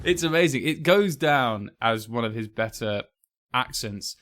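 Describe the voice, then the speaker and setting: A man's voice: medium pitch, lively intonation, a little slow, fairly bright tone, a little hiss or hum. A British man hosting a podcast, chatting enthusiastically about a film and laughing often. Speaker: podcast host. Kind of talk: casual film chat.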